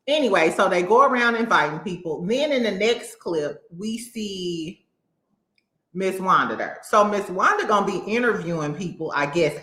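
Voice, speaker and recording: Woman host, blunt and mocking reality TV commentary, crisp bright tone. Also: medium pitch, echoey room. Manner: blunt, sassy, cursing, mocking impressions. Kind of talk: casual opinionated commentary.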